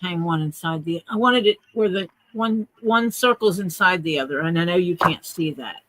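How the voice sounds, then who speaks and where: Woman host of a crafting stream; bright, crisp voice, dry close mic, wry joking asides. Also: lowish voice, normal speed, no echo, low-quality recording. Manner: joking asides while working with her hands. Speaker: leatherworker hosting a livestream. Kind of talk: casual livestream chat while crafting.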